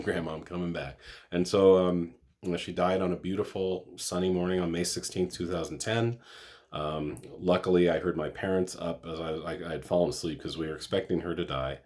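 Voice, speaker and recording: Young guy with a really low voice, rambling through a personal story on his podcast, stops and restarts a lot, getting emotional. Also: a little mellow. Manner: halting, with many fillers and restarts. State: emotional, choking up. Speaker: podcast host.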